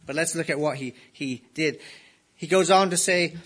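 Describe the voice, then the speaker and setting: A man delivers an expository sermon in a voice pitched a little above most men. He preaches emphatically and gives quoted lines a dramatic, rising intensity. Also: normal speed, a bit bright, breathy edge. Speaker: pastor.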